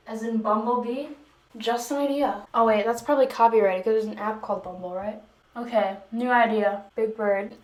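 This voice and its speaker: Rambling, jokey woman doing her makeup. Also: fairly high pitch. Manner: rambling, self-mocking, joking asides. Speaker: beauty vlogger. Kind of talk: chatty makeup tutorial. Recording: echoey room.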